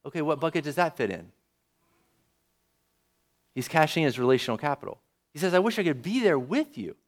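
Lively male preacher asking questions. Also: on the high side, a little fast. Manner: lively, asks the audience questions. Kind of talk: sermon.

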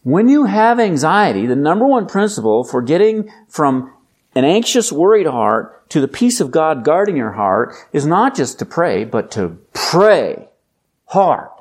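A man preaching a sermon in a conversational, emphatic way, building up to loud, intense exhortation. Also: a little high, sing-song, unhurried. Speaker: pastor.

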